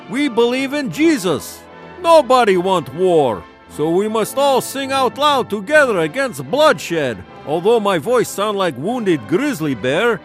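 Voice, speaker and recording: A man's voice: high-pitched, exaggerated voice. An actor playing a burly, boastful Russian man with a Russian accent in a comedic radio promo, speaking in swaggering broken English. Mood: earnest. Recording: faint music bed.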